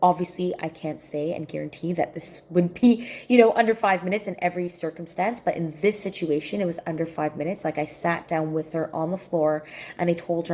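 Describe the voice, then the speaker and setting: A woman speaks to her viewers in a relaxed, personal way, with a somewhat low voice and a warm, mellow tone. She is earnest and circles back to repeat the points she wants to stress. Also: fairly quick. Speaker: spiritual healing coach. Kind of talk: casual personal reflection to camera.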